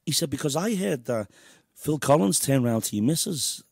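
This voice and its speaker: Man, English accent, husky, dry close sound, casual chatty host. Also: on the high side, lively intonation, brisk, darkish tone, no room sound. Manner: rambling storyteller, chatty. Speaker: host and musician. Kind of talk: casual interview chat.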